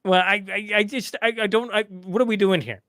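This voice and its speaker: A man's voice: high voice, fairly even intonation, fairly quick, sharp tone, no echo, studio quality. A man hosting a casual livestream, rambling as he reads the chat and tries to bring in guests. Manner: rambling, talks to chat and guests, frequent restarts. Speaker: livestream host.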